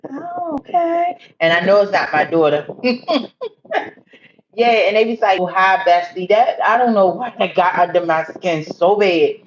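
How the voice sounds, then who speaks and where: A woman's voice: fairly low pitch, normal speed, hardly any pauses, dull audio, a little hiss or hum. A woman hosting a casual livestream, rambling and talking straight to her viewers. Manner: rambling, talks to viewers directly. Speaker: livestream host.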